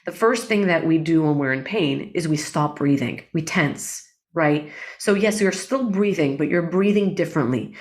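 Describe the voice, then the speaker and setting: A woman guest in an interview, a breathwork facilitator explaining things in a calm, unhurried way. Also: fairly low pitch. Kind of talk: interview conversation.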